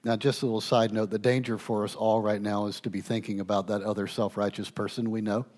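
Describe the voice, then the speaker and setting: Man, pastor, sermon, emphatic, loud then hushed. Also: lowish voice, level tone, fast talker.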